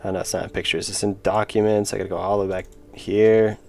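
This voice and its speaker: A man's voice: on the low side, little pitch movement, quick pace, creaky, darkish tone, soft background music. A young man streaming his indie game work, rambling casually and reading chat aloud with self-deprecating jokes. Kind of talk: casual live-stream chat while working.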